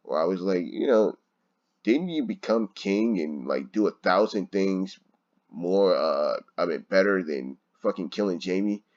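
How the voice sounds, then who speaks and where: Low-voiced man ranting, dull lo-fi mic. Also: lively intonation, measured pace, darkish tone. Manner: frustrated, swearing, laughing often. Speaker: show reviewer. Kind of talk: casual ranting review.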